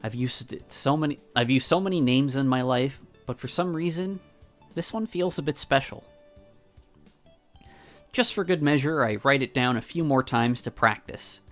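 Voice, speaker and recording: A man reading a visual novel aloud on a stream, narrating calmly in the first person. His voice sits in an ordinary middle range. Soft music plays faintly underneath. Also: medium pitch, moderate pace.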